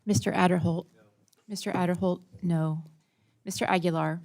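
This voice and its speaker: A woman clerk calling the roll in a flat, methodical way, repeating names and votes. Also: on the low side, normal speed, gravelly. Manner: flat, methodical name-reading. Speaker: committee clerk. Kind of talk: roll call.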